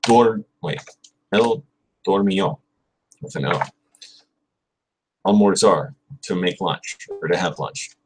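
A man hosting a casual livestream, thinking aloud and chatting with viewers while he drills verb conjugations, repeating words slowly and correcting himself. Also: low-pitched, a little hiss or hum, rough recording. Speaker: livestream host studying Spanish.

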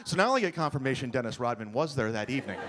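A man's voice: medium pitch, animated, very fast. A male stand-up comedian on a comedy club stage, telling a rambling, self-deprecating story. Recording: live club, crowd noise.

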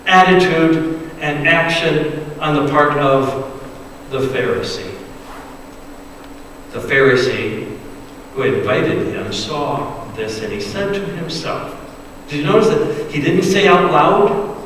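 A man preaching a sermon as pastor, retelling a story with dramatic swings between loud emphasis and hushed, quiet passages. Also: fairly high pitch, expressive, takes it slowly, pauses often, slight background noise. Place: church sanctuary. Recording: echoey church hall, distant mic.

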